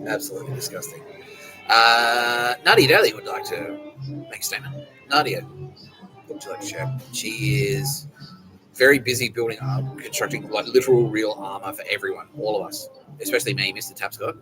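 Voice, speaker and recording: A low-pitched man hosts a podcast in loose, rambling monologue. His talk is peppered with swearing as he addresses unseen listeners. Music plays clearly behind his voice. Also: animated, a little fast, low-quality recording. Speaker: podcast host. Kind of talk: casual monologue.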